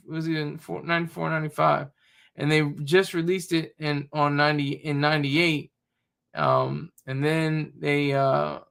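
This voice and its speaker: A man's voice: a little high, gravelly, bright, forceful tone. A man giving casual, rambling reaction commentary, often searching for words and sounding sarcastic. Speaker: commentary streamer.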